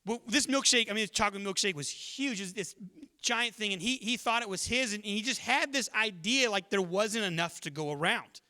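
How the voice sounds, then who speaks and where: A man from Texas preaches in a high, bright and forceful voice. He tells stories to his church in a lively, conversational way. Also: fairly quick. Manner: storytelling, conversational and energetic. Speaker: pastor. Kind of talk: sermon.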